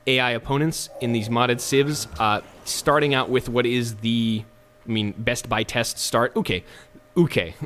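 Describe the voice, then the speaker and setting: A man's voice: medium pitch, steady tone, a little slow, fairly bright tone. A man giving casual, chatty gameplay commentary as a let's play host, with jokes and self-mocking asides.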